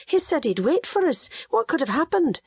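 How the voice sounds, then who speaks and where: A woman's voice: high-pitched, sing-song, normal speed, gravelly, darkish tone, no echo, pitched above the performer's own voice, full character voice. A woman narrator voicing a frail young woman whose voice rises in fear. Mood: anxious. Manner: anxious, rising in fear. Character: frail, fearful young woman, Scottish-born sister.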